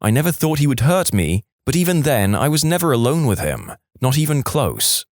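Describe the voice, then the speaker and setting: A man with a mid-range voice narrates scripted listener stories at a moderate pace, his delivery lively and rising and falling a lot. He's close-miked, with a dry sound and no room echo.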